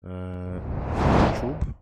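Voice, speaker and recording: A man's voice: deep voice, very slow, heavy background noise. A man casually hosting a football livestream, reading out viewer comments in a playful, teasing way. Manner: chatty and playful, calls viewers fraudulent friends.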